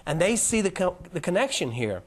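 Teaching a Bible lesson, a man keeps his lecture casual, folksy, and animated. Scripture passages get read in a noticeably lower, slower voice.

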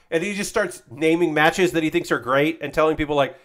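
Male streamer, loose casual chat, rambling and profane, somewhat high voice, eager and heartfelt. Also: steady tone, fairly quick, hardly any pauses, fairly bright tone. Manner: rambling, profane, enthusiastic about wrestling; frequent fillers and restarts, acts out quotes animatedly.

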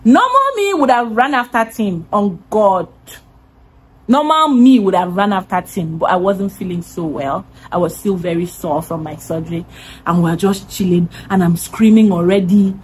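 Animated Nigerian woman telling a story. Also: mid-range voice, normal speed, slight background noise. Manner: animated, laughing, swearing. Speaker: vlogger. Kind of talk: storytime vlog.

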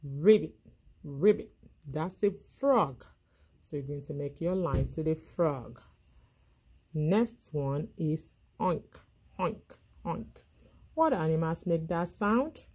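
A woman's voice: low-pitched, animated, slow, a little mellow, breathy edge. A woman teacher walking young children through a worksheet, imitating animal sounds as she goes.

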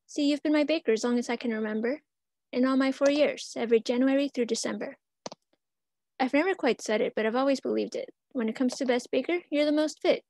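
A woman's voice: high-pitched, darkish tone, dry recording, studio quality. A woman voicing an eager four-year-old girl who speaks earnestly in rhymed verse.

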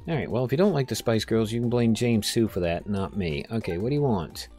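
Talking fairly quickly in an animated, darkish, lowish voice, the host narrates his gameplay at home while a rainstorm goes on outside. Faint music plays behind him as he cracks jokes, voices the customers' lines, and mutters to himself.

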